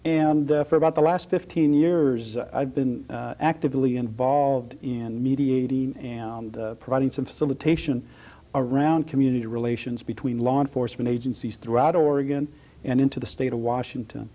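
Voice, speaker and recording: A middle-aged man with a slight Texas accent speaks as a sheriff in a broadcast interview. His tone is mellow and low-key, and his answers come in halting, measured phrases with frequent pauses. The recording is dull and lo-fi. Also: fairly even intonation. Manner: halting, many uh fillers, measured. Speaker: county sheriff, guest.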